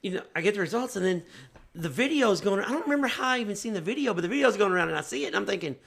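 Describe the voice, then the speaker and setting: A man hosting a casual podcast chat, eager and quick to laugh along. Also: high voice, animated, vocal fry, fairly bright tone. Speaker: podcast host.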